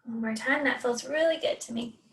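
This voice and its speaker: High-voiced woman leading kids yoga. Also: brisk, recorded from a distance. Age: adult. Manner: gentle, encouraging, talks to a child. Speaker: yoga instructor. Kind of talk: kids yoga class instruction.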